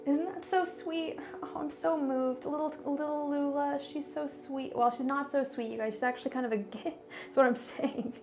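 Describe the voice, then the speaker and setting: Bubbly, gushing woman tarot reader. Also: high voice. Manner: bubbly, gushing, giggly, with many fillers. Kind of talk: casual livestream chat.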